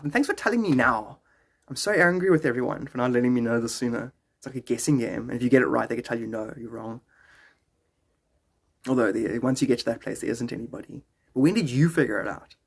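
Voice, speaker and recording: A man's voice: mid-range voice, gravelly. A man chatting casually on a phone live stream, rambling and joking, often slipping into silly voices.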